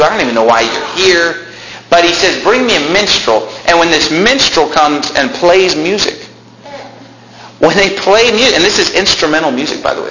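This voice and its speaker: A man preaches an emphatic sermon in a bright, slightly high voice. He jumps sharply upward when he speaks as the Bible figures. The sound is roomy and echoey, with a faint hiss behind him. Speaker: pastor.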